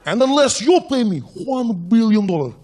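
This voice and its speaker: A man voicing a theatrical male Russian terrorist mastermind, speaking in slow, heavy, broken English with a put-on Russian accent. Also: very high-pitched, very animated, a little mellow. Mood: menacing.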